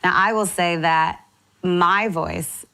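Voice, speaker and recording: A young adult woman from St. Louis, a singer being interviewed, telling her story with lively enthusiasm. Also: fairly low pitch, slow pace, vocal fry, smooth. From St. Louis, USA. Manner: enthusiastic, animated storytelling with laughs. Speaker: singer, guest. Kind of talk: casual interview chat.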